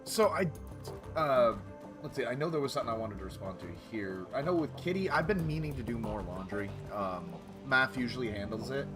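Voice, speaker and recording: A man's voice: mid-range voice, animated, a little fast, over music. A man streaming a game, chatting casually with his viewers, correcting himself and reacting to their comments.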